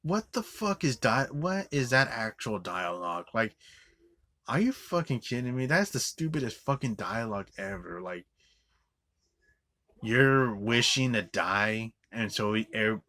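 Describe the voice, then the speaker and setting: A man's voice: lowish voice, lively intonation, unhurried, pushed and bright. A man giving a profane, rambling movie review, scornful and full of "like" fillers and restarts. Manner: swears often, scornful.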